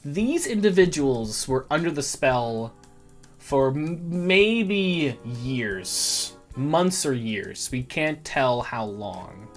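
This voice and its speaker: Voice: mid-range voice, very animated, extremely slow, soft background music. A game master narrating a tabletop game casually, rambling with lots of fillers. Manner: rambling, filler-heavy, laid-back.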